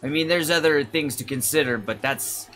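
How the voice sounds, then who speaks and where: A man's voice: on the high side, moderate pace, a bit bright, soft background music. A man casually commenting on his own gameplay, joking and swearing, often slipping into a playful pirate "yar". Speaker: gameplay streamer. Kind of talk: casual let's-play commentary.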